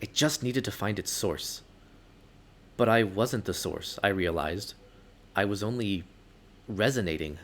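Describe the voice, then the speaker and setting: A man reading a story game aloud in the first person, expressive with sudden outbursts. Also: lowish voice, a little slow, pauses often.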